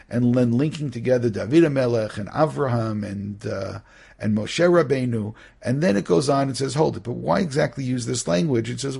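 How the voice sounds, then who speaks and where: Gravelly man teaching a text class. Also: mid-range voice. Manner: animated, acts out little dialogues, many restarts. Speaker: Torah teacher.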